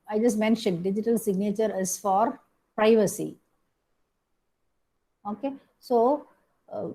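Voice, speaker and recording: A woman's voice: mid-range voice, warm tone, rough recording. A woman giving a recorded lecture, explaining step by step with frequent "okay" and "hmm" fillers and self-corrections.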